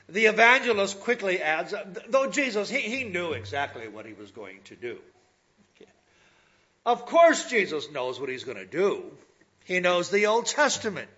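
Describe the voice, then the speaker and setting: A man preaching a sermon, talking to his listeners in a slow, lively way with asides. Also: on the high side, lo-fi sound.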